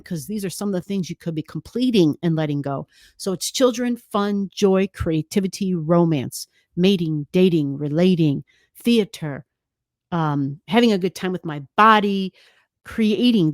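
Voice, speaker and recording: A woman's voice: mid-range voice, darkish tone, no echo, studio quality. A woman astrologer giving a chatty, emphatic forecast, often adding "right?" as she goes.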